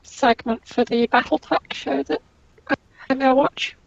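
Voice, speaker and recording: A woman playing along on a gaming podcast, speaking hesitantly with halting pauses. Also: high voice, steady tone, gravelly. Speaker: player on the podcast. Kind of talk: casual gaming chat. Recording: dry, slightly dull voice-call audio.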